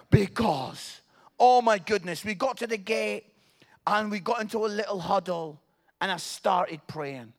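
Animated high-voiced Scottish preacher. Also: male voice. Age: middle-aged. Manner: animated, swinging from hushed to near-shouting. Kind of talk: humorous sermon storytelling.

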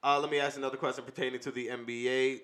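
Guy running the sports chat, bright voice, tosses out questions, jokey. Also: mid-range voice, level tone, rapid-fire. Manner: leads the talk, playful banter. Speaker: podcast host asking questions. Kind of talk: casual sports debate.

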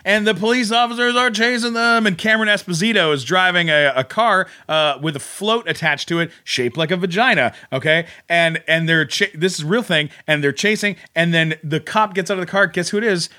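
A man speaking as a podcast guest, his voice bright and sitting somewhat high. He tells his stories with incredulous, animated energy and throws in quick asides as he goes. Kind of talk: casual chat.

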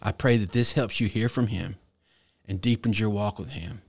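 A man preaching as a pastor, earnest and exhorting, slowing down to stress key words. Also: fairly low pitch, dry recording. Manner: earnest, exhorting, with slow deliberate emphasis. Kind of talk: sermon.

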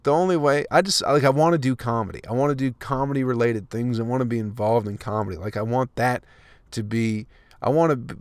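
A man's voice: medium pitch, clear, resonant tone, no echo. Profane ranting young man, dry close sound. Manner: profane, ranting, laughs at own jokes. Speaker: comedian podcast host. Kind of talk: casual comedic monologue.

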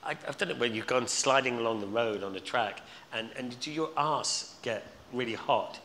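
Speaking fast enough to stay at a normal speed, a man with a mid-range voice tells stories as a guest at a live Q&A, rambling with frequent restarts and repeated words. He is onstage in a hall in front of an audience. Background noise, live hall reverb, and faint ambience come through.

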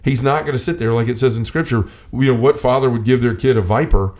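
A man's voice: medium pitch, fast, a little mellow. A man leading a casual faith discussion, earnest and personal, who often restarts his sentences and acts out the lines he quotes.

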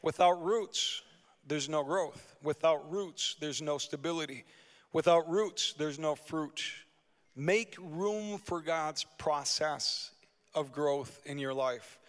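A man pastor preaching a lively sermon in a church, asking the congregation rhetorical questions. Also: a little high, takes it slowly. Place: church sanctuary. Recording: long hall reverb.

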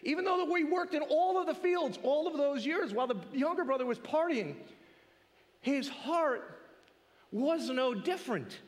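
A man preaching a sermon in an animated, conversational way, often asking rhetorical questions. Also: very high-pitched, moderate pace, in a large hall.

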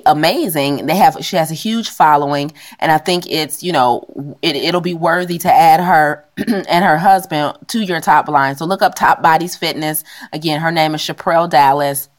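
A woman co-hosting a podcast in casual chat, animated and laughing often as she retells stories. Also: low voice, moderate pace. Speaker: podcast co-host.

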